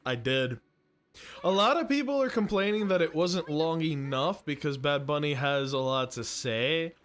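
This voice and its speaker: Joking male streamer, slightly high. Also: expressive, moderate pace, fairly bright tone. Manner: joking, laughs often, crude humor. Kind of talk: casual reaction livestream.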